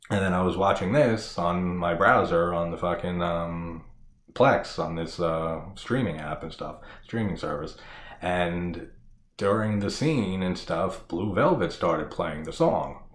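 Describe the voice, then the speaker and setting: A deep-voiced man hosting a horror review channel slowly recaps a film, rambling, laughing, swearing a lot and using plenty of filler words. The echoey room carries faint background noise.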